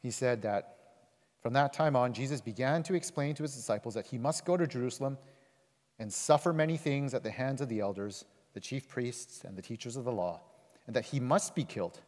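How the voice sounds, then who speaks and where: A male pastor preaching a sermon with emphatic delivery, surging loud and high, then dropping low and quiet. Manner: emphatic, swings between loud rises and soft low drops. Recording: long reverb of a large hall.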